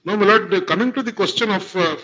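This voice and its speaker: Speaking fast in a high, pushed and bright voice, a man presents a formal argument to the court as an advocate. He stays deferential, keeps addressing the bench, and says "my lord" frequently. The recording is dull, lo-fi courtroom audio.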